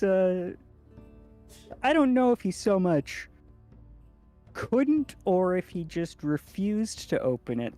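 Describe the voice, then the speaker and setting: A man's voice: a little high, warm tone. A man playing in a tabletop game, talking casually and hesitantly with many fillers. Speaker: player.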